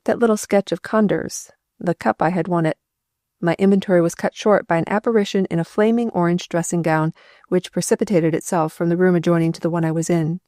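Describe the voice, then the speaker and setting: A woman narrating a first-person novel as an audiobook, in a steady, measured read on a close microphone. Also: fairly low pitch, dry recording.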